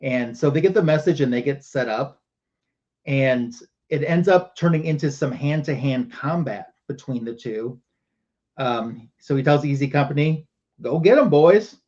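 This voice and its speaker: A man at a middle pitch talks through a comic book story for his livestream audience. He speaks loosely and conversationally, with many ums and uhs. The audio sounds a little dull and lo-fi. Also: moderate pace, darkish tone. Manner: casual storytelling with many fillers. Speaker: show host.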